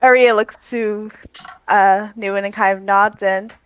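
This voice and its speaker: A woman's voice: mid-range voice, fairly even intonation, slow pace, a bit bright, clear, resonant tone, low-quality recording. A woman playing a tabletop game, eager and chatty, hesitating as she describes her character's actions. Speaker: player. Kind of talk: tabletop game play, casual chat.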